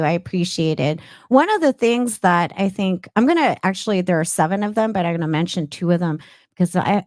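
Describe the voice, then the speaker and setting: A woman's voice: lowish voice, a little mellow, dry recording, clean studio sound. A woman from the Bay Area, a clinical social worker, explaining ideas thoughtfully as a guest and often checking in with "right?". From San Francisco Bay Area. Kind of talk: casual interview.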